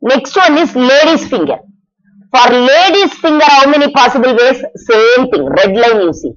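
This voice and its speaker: A woman's voice: high-pitched, lively intonation. A woman teaching a math lesson, asking questions and answering them herself, repeating each step. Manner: slow, repetitive, asks and answers her own questions. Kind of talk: classroom lesson explanation. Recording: dull lo-fi recording.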